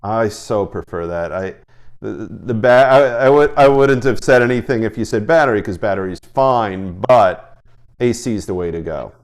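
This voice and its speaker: Um homem que apresenta uma entrevista casual por chamada de vídeo e fala com entusiasmo, recomeçando as frases. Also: male voice, fairly low pitch. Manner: enthusiastic, talks in quick restarts. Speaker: interview host. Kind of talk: casual video-call interview. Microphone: video call.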